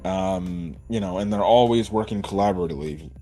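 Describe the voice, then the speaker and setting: A man's voice: sits low, fairly quick, mellow, faint music behind. Rambling man reviewing an anime episode. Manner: rambling, full of fillers and slang like "bro" and "you know". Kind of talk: casual episode review commentary.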